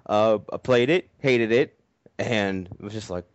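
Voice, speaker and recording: A man telling a long story in casual chat, animated and full of swearing. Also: fairly low pitch, a little slow, no echo. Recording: dry, dull lo-fi audio.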